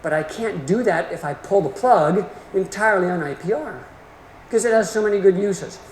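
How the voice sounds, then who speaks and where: His voice sits high, with lively intonation and a moderate pace, as this middle-aged man lectures on orthodontics for continuing education. He's folksy and emphatic, and the recording has the echo and faint room noise of a lecture hall.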